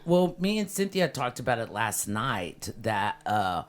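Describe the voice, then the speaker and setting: A woman in her fifties co-hosts a podcast, her very deep voice moving at a measured pace as a crowd murmurs behind her. She's an animated storyteller in casual chat, swearing freely.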